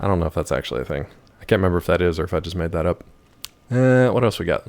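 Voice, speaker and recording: American guy rambling through a game stream, hoarse and gravelly, lowish voice. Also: racing. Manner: rambling, jokey, reads chat aloud. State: hoarse from yelling. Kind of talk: casual gameplay chat.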